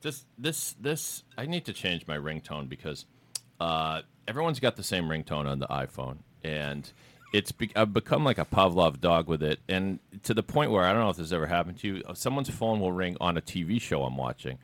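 A man's voice: deep voice, sing-song, moderate pace, fairly bright tone. A man hosting a casual chat, telling rambling stories with restarts and laughter. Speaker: podcast host.

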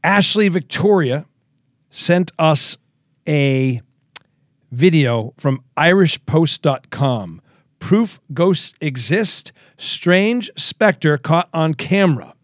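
A man's voice: a little high, expressive, slow pace, dry recording, studio quality. A man hosting a podcast, chatting casually and joking as he reads listener posts aloud. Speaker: podcast host.

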